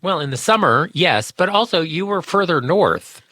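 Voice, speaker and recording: A man co-host speaks with a bright, mid-pitched voice, wry and dry in his humor. He pauses often with fillers as he talks. The recording is dry and close. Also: expressive, dry recording. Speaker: radio show co-host. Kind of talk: casual talk-show banter.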